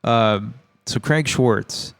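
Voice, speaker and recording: A man's voice: mid-range voice, very slow, gravelly, no echo. A man co-hosting a podcast, chatting casually about a film in a rambling way and swearing now and then. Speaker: podcast co-host.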